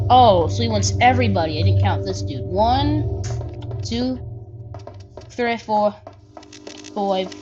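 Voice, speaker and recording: A woman giving let's-play commentary, thinking aloud, counting under her breath and swearing freely. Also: mid-range voice. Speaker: gaming channel host. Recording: slightly dull audio with loud game music.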